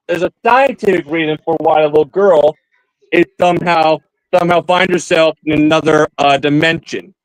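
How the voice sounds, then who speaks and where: A man chatting casually on a stream in a voice a little higher than most. He rambles, restarts phrases and keeps turning to speak to the viewers. The sound is dry and close, with no room around it. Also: no room sound, rough recording. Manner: addresses viewers directly. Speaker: streamer co-host. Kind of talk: casual chat.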